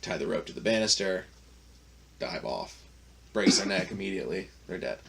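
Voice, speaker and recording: Guy on a podcast with a lowish voice, swears a lot, rambles through a story, faint hum behind. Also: very animated, normal speed, vocal fry, fairly bright tone. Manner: profane, rambling storyteller with frequent fillers. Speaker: podcast host. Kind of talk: casual storytelling.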